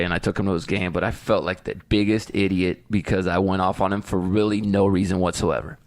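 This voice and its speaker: A man co-hosting a parenting podcast, a father who tells stories in an animated way. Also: deep voice, fast, few pauses, no echo. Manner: animated storyteller, jumps into voices when quoting. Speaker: podcast co-host. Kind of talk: casual chat.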